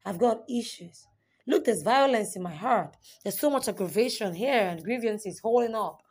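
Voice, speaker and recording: A young woman performing spoken word poetry, dramatic, swinging between raised pleading lines and hushed whispers. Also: mid-range voice, expressive, moderate pace, slightly rough.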